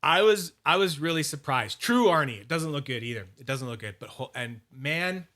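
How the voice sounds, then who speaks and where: His voice sits a little high, expressive with a sharp edge. The host of a fidget collector channel, he rambles and curses through a laid-back livestream, showing how he polishes and calling out viewers' names from chat, with constant restarts, filler words and quick side comments.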